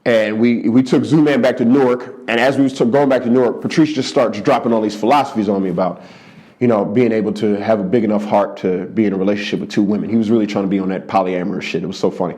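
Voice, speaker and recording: Man, around 40, from Philadelphia area, stand-up comedian, animated storytelling, repeats for emphasis, studio interview. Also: fast. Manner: animated, repeats for emphasis, jumps into high-pitched voices for quoted people. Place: studio under hot lights.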